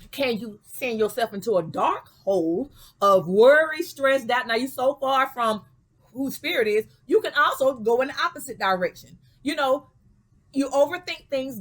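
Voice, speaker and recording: Woman spiritual teacher with a high voice. Casual, preachy and vernacular, and she keeps asking "okay?". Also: a bit bright. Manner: preachy, repeats "okay?" and "you know what I'm saying" to the listener. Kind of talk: spiritual guidance talk.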